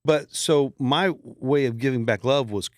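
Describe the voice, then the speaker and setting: A middle-aged podcast guest spins long, rambling stories in casual conversation, acting out the voices of the people he quotes. His voice is medium-pitched at a measured pace, captured dry with clean studio sound.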